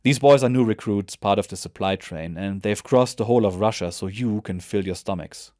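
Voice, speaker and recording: A man voicing an anxious army sergeant who asks hurried questions. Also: lowish voice, dark tone, dry recording, clean studio sound, close to an everyday voice.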